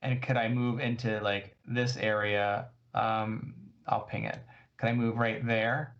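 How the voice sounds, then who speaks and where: Halting man playing a tabletop game. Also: on the low side, flat delivery, lo-fi sound. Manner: hesitant, halting, many restarts. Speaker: player. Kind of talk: casual tabletop game play.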